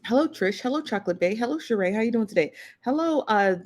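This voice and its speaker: A woman hosting a live stream in a relaxed, chatty way, greeting viewers and laughing easily. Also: fairly high pitch, fast. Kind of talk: casual live stream chat.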